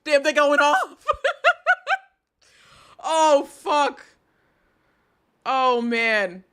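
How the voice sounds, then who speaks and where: A young woman talks through a live stream in casual commentary, her voice high-pitched and sharply bright. She rambles, restarts her sentences and swears as she gets worked up. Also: drawn-out words. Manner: rambling, heated and emphatic, frequent swearing and restarts.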